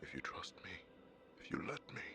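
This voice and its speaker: A man voicing a sinister male spirit in a video game, speaking in a hushed, gravelly, coaxing whisper, with game audio hiss behind him. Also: natural voice. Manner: slow and coaxing.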